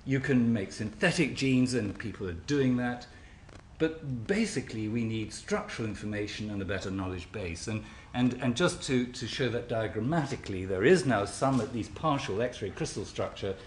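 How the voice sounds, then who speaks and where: A man's voice: mid-range voice, moderate pace, a little hiss or hum. Man lecturing in an echoey hall. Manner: stop-start delivery with many repeated words, dry wit. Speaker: scientist giving a symposium talk. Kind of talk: academic lecture.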